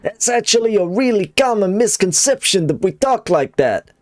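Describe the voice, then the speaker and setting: A man's voice: high-pitched, expressive, moderate pace, pitched above the performer's own voice. A man putting on a New York accent as a touchy, confrontational local picking a fight. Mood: indignant. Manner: brash, confrontational, shouting-ish.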